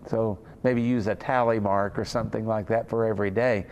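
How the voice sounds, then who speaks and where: A man preaching a sermon in an unhurried, conversational way. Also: fairly low pitch, steady tone, a little mellow, lo-fi sound, a little hiss or hum. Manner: conversational, unhurried, with fillers and asides.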